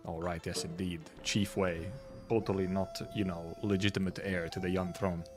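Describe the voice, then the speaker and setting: A man's voice: deep voice, level tone, moderate pace, faint music behind. A man streaming a live read-through of a game story, reading the lines plainly and breaking off for wry, chatty asides. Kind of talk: casual live reading with commentary.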